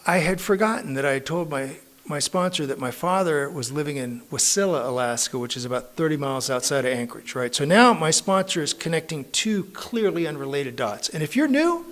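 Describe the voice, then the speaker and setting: A man's voice: on the high side, animated, fairly quick, hardly any pauses, fairly bright tone. A middle-aged man telling his story as a recovery meeting speaker, conversational and self-mocking, with frequent tag questions. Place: recovery club meeting room.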